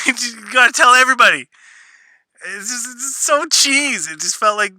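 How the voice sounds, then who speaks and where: A man's voice: very high-pitched, animated, normal speed, sharp tone, no echo. A man ranting sarcastically through a spoiler review, exasperated and mocking what he reviews. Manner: sarcastic, exasperated, mocks lines in put-on voices. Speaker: show reviewer.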